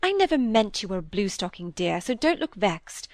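A woman reading the part of a fussy, vain middle-aged Victorian stepmother, fretful and a little higher in pitch. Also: very animated, normal speed, dry recording, studio quality. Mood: gushing. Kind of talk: audiobook character reading.

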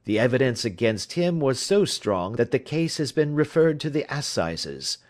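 A man's voice: mid-range voice, sing-song, normal speed, a little mellow, pitched above the performer's own voice, natural voice. A man voicing a confident male detective who explains his deductions in a precise, lecturing manner.

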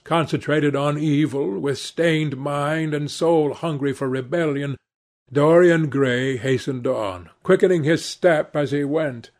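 Male audiobook narrator, unhurried and dramatic, slightly high voice. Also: a little mellow. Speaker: audiobook reader. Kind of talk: audiobook narration of a classic novel.

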